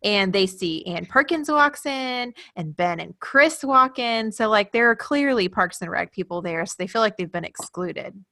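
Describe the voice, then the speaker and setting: Woman, podcast co-host, bright tone, chatty, giggly, dry close mic. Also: mid-range voice, animated, normal speed, hardly any pauses, dry recording. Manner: chatty, giggles while retelling scenes. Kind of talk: casual podcast chat.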